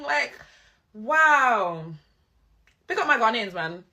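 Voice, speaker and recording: A woman's voice: on the high side, expressive, normal speed, sharp tone, slight background noise. A woman chatting casually, effusive and bubbly. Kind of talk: casual gushing chat.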